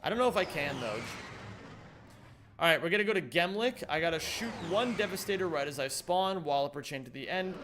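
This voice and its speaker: A man's voice: on the high side, lively intonation, fairly quick, background noise. A man live-streaming a game, chatting with his viewers, reading their messages aloud and snapping back in mock indignation. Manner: banters with chat, reads messages aloud, mock-indignant outbursts. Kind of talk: live-stream chat while gaming. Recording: music playing behind the voice.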